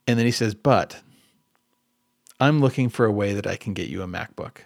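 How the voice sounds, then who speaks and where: A podcast host tells a long personal story in a casual, rambling, conversational way, often correcting himself mid-flow. His medium-pitched voice is sing-song, brisk and creaky, recorded studio-clean with no echo on a podcast mic at a computer.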